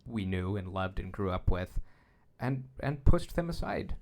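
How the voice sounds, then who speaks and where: A man co-hosting a podcast in casual fan discussion, speaking thoughtfully with halting restarts. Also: sits low, very animated, vocal fry. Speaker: podcast co-host.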